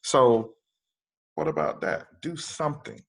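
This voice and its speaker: A man's voice: mid-range voice, sing-song, a little slow, creaky. A man talking as a guest in a casual conversation, speaking earnestly from his own family life.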